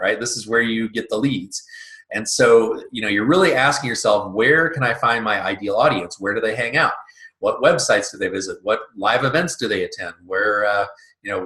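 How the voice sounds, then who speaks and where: Casual, bright-voiced male business coach. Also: mid-range voice. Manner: casual and chatty, many fillers and restarts. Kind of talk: recorded lesson. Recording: roomy echo.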